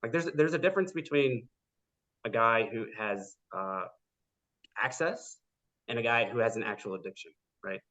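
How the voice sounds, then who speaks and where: Male guest, mid-pitched, animated storyteller, muffled lo-fi recording. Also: normal speed. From United States. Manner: animated, acts out quoted people, many "like" fillers. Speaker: podcast guest. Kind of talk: casual storytelling interview. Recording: dull lo-fi podcast audio.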